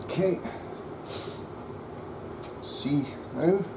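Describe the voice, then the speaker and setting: A man's voice: fairly high pitch, extremely slow, gravelly, background noise. Muttering man at a workbench. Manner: muttering to himself while working. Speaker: luthier. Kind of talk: workshop commentary. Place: workshop.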